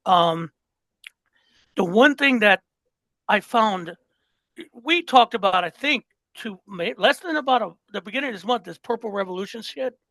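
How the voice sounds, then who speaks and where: A man's voice: high voice, lively intonation, normal speed, pauses often, sharp tone, no echo, low-quality recording. An older man co-hosting a political podcast, ranting with passion and plenty of profanity. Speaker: podcast co-host. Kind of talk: heated political podcast chat.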